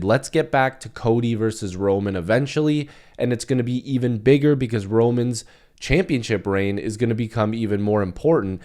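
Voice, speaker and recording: A man's voice: fairly low pitch, fairly quick, warm tone. A man hosting his own channel, giving a passionate, emphatic opinion monologue in casual talk. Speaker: wrestling commentary channel host.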